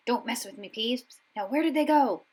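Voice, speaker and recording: A woman's voice: a little high, normal speed, darkish tone, pitched above the performer's own voice, close to an everyday voice. A woman voicing a grumpy, impatient old male caretaker who snaps out curt demands in a storybook reading.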